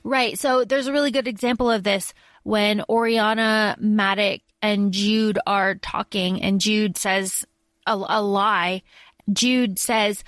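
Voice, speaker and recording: A woman's voice: mid-range voice, fairly even intonation, slow, a bit bright, no echo. A woman co-hosting a podcast, explaining points with examples in casual chat. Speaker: podcast co-host.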